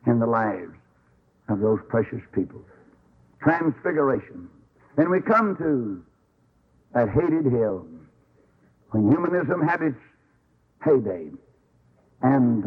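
A man preaching a sermon as a Baptist preacher, telling stories in a folksy, animated way with sudden high swoops. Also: breathy edge, phone-quality sound.

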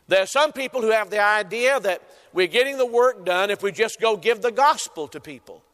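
A man's voice: high-pitched, lively intonation, a little fast, few pauses, fairly bright tone. A man preaching a sermon as pastor, emphatic, repeating key phrases and stretching out stressed words. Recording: long hall reverb.

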